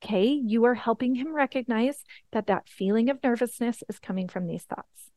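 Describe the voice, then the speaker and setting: A woman's voice: on the high side, normal speed, darkish tone, dry recording. A woman in her thirties teaching a coaching webinar, earnest and encouraging, often checking in with "right?". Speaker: life coach.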